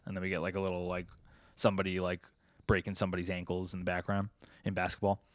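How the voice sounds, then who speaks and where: A man with a fairly low voice co-hosts a casual podcast, recapping comic chapters in a loose, rambling way full of ums and likes. The sound is dry and close, with no room around it. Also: monotone, fast, no room sound. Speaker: podcast co-host.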